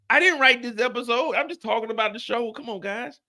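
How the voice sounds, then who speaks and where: Viewers hear a show recap streamer in a casual, profanity-filled chat, telling stories repetitively in an exaggerated, comically exasperated manner. He seems tired. His voice is extremely high, bright and forceful, and he speaks fairly quickly.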